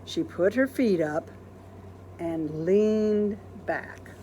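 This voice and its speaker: A woman librarian reading a children's storybook aloud in a gentle, expressive storytelling manner. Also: medium pitch, extremely slow, a little hiss or hum.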